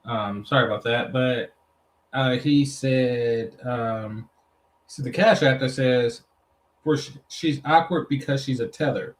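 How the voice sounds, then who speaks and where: A man's voice: medium pitch, measured pace, poor audio. Guy streamer rambling thru viewer comments, swears casually, regular mid voice. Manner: loose, profane, rambling. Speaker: streamer reacting to clips.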